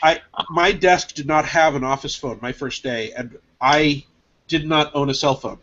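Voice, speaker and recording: A man with a fairly high voice chats casually, telling animated stories and acting out what people said. The audio is muffled and lo-fi. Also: normal speed. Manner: animated storyteller acting out conversations. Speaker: podcast guest, game designer. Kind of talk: casual chat.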